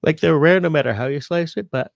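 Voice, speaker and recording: A man's voice: a little high, fast talker, vocal fry, no room sound, highs cut off. A sick man hosting a casual livestream, rambling and reading viewer comments aloud. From Canada. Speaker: livestream host.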